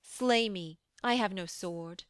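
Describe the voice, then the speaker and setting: A woman's voice: medium pitch, slow, a bit bright, clear, resonant tone, no room sound, clean studio sound. A woman reading the part of an anguished young knight who cries out in bitter accusation, in a storybook reading. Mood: raging. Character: anguished young male knight, wild with betrayal.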